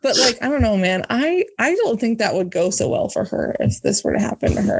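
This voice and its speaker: A woman's voice: a little high, very animated, normal speed, few pauses, slightly rough. A woman co-hosting a casual book discussion, thinking aloud with many fillers and restarts. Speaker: podcast co-host.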